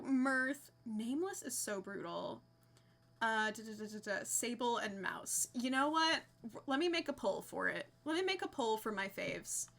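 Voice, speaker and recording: Bright, giggly young woman streamer. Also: on the high side, vocal fry. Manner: giggly, reads out names with delight. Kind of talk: casual live-stream commentary.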